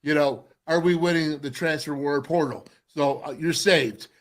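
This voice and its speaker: A man's voice: a little high, moderate pace. Enthusiastic male sports radio host. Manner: enthusiastic, hype-filled sign-offs. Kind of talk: casual interview.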